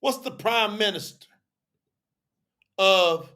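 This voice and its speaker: A man with a high voice and a bright, sharp tone, teaching a live audience. He talks in a loose, chatty way and acts out both sides of an argument. He circles back and repeats his points as he explains. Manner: repetitive, drawn-out explaining. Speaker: teacher on a religious telethon.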